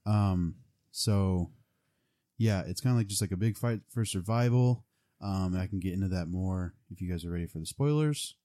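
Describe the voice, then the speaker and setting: A man's voice: deep voice, normal speed, mellow. A young man casually retelling a movie plot, rambling with lots of fillers. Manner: rambling, full of "like" and "um".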